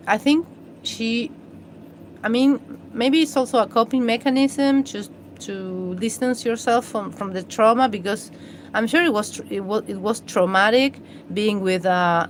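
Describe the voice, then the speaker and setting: A woman's voice: mid-range voice, a little hiss or hum, rough recording. A woman hosting a live stream, chatting in a rambling, hesitant way with many fillers and restarts. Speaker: livestream host.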